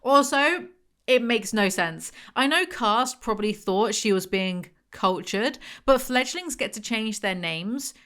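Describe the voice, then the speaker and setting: A woman's voice: on the high side, animated, measured pace, fairly bright tone. A young woman, reading a novel aloud and breaking off for sarcastic, mocking commentary. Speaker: book reviewer.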